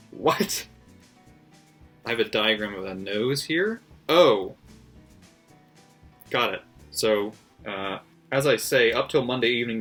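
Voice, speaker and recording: A man's voice: lowish voice, sharp tone. A man casually reading out his margin notes from a book, laughing often and swearing freely. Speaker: book vlogger. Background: faint background music.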